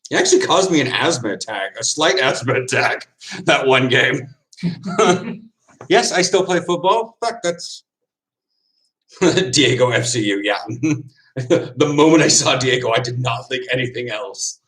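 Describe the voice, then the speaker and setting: A man's voice: medium pitch, expressive, fairly bright tone. A man with a mid-range voice chats casually with his stream viewers. He is loose and rambling, and laughs easily between thoughts. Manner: laid-back and rambling, laughs often, quick asides. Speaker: football player chatting with viewers on stream. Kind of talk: casual livestream chat, answering comments.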